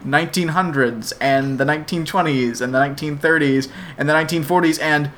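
A man co-hosting a casual podcast with dry, teasing remarks. His voice sits a little above the usual male range, relaxed and conversational. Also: fairly high pitch, brisk, slight background noise. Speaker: podcast co-host. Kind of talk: casual chat.

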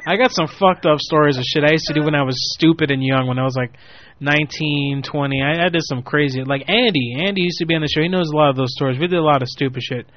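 A young man in his twenties with a fairly high voice talks fast while hosting a show, telling a long, rambling, profane story. He animatedly acts out the people he quotes, and the lo-fi audio sounds muffled.

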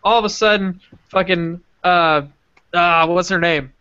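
Podcast guy, high bright voice, animated profane retelling, dull lo-fi audio. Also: measured pace, clean tone. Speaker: podcast co-host. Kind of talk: casual podcast chat, retelling a movie.

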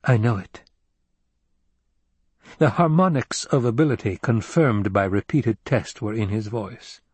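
A man narrating a novel as an audiobook in an even, unhurried storytelling manner. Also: fairly low pitch, breathy edge, no room sound. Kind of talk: scripted narration.

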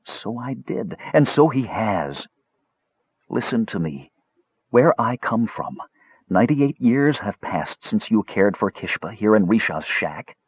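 A man reading the part of an earnest young hero in an audiobook, measured and pleading, on a dull, dry, lo-fi recording. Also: on the low side, sing-song, slightly rough, no room sound, full character voice. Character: earnest young half-elf man, calm and urgent.

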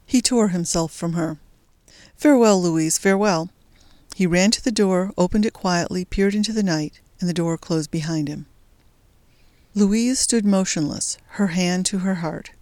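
Woman reading a story, low and dry. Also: moderate pace, a little mellow, dry recording. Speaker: audiobook reader. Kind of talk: scripted narration.

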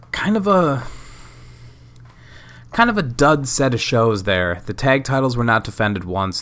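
Low-voiced, profane, self-mocking podcaster. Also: male voice, a bit bright. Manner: casual, profane, self-mocking, lots of fillers. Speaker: podcast host. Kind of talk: casual solo podcast narration of a wrestling sim game.

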